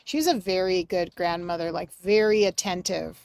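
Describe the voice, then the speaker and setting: A woman giving a live mediumship reading on a livestream, speaking gently and affectionately, sometimes dropping soft and sometimes breaking into excited bursts. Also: on the low side, moderate pace, creaky, no room sound. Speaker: psychic medium.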